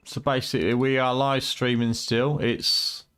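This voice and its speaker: British male streamer, late-night banter, tired voice that is starting to go, cheeky and sweary, middling pitch. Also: level tone, unhurried, a bit bright, smooth. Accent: British English. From United Kingdom. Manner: banterous, swearing, teasing chat viewers. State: tired, voice going. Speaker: game streamer.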